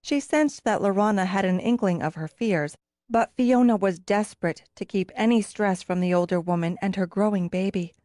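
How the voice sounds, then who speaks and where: A woman reads a fantasy audiobook in steady, expressive narration. Her voice sits at a middle pitch, close and dry on the mic. The delivery is calm storytelling. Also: moderate pace, no echo. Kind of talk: scripted narration.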